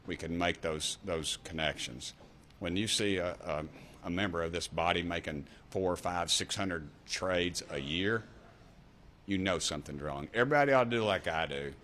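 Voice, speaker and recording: Man, 60s, East Tennessee accent, low voice, folksy, fired-up press remarks, faint background hum. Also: normal speed, a bit bright. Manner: folksy and fired-up, punchy repeated refrains. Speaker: congressman. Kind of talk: fiery press conference remarks.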